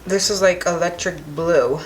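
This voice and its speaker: A woman's voice: on the low side, a little slow, soft background music. A young woman vlogger narrating a makeup tutorial, gushing and enthusiastic as she applies products. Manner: gushing, enthusiastic, talks while applying makeup. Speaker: beauty vlogger.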